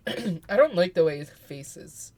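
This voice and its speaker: A woman's voice: fairly low pitch, lively intonation, takes it slowly, darkish tone, no room sound. A woman streaming a video game, chatting casually and making dry, teasing remarks. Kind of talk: casual gaming commentary.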